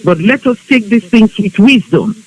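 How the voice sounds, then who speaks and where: Earnest woman appealing calmly. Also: medium pitch, poor audio. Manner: earnest, measured, proverb-quoting. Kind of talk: calm appeal to a group. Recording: live online broadcast with hiss.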